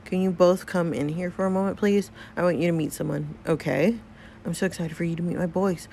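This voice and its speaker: A woman voicing a warm, doting middle-aged mother in a story game, gushing and motherly. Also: lowish voice, fairly even intonation, brisk, gravelly, slight background noise.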